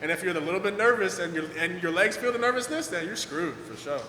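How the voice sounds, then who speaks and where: A young man, telling stories at a skate event Q&A in a casual, animated way, full of fillers and acted-out quotes. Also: sits high, fast, slight background noise. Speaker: guest pro skateboarder. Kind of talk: casual storytelling at a Q&A. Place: event hall with audience. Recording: echoey hall, faint ambience.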